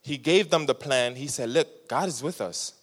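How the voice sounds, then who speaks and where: A man's voice: mid-range voice, normal speed, long reverb tail. A young man preaching to a youth group, telling a story and acting out the voices of the people in it. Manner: animated, acts out voices in his stories. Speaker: youth pastor. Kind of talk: sermon with storytelling.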